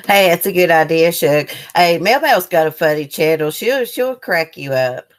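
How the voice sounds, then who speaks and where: Woman, low voice, easygoing live-chat host, reads comments aloud. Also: expressive, normal speed. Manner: loose, rambling with fillers. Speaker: livestream host.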